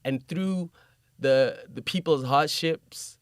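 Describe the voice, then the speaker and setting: A man's voice: a little high, takes it slowly, no room sound, clean studio sound. Earnest male podcast host. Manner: earnest, reflective, stresses points with repetition. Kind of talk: casual conversational interview.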